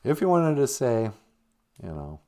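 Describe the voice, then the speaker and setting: A man hosting a morning radio show, explaining words in an easygoing, teasing way, often trailing off into low, soft asides. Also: sing-song, unhurried. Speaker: radio host teaching Ojibwe words. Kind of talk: joking morning radio chat.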